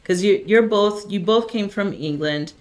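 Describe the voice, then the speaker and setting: A woman's voice: mid-range voice, a little slow, darkish tone. A woman hosting a casual conversation, thoughtful and full of "you know" fillers. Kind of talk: casual chat.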